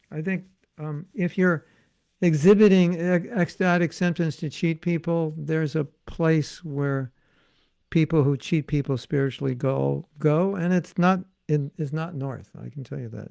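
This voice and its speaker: An American man leads an online class and answers questions in a playful way. His fairly high voice has a gravelly edge. He slips into little acted dialogues and laughs often, and the sound is dry and close. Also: dark tone, no room sound. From United States. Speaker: spiritual teacher.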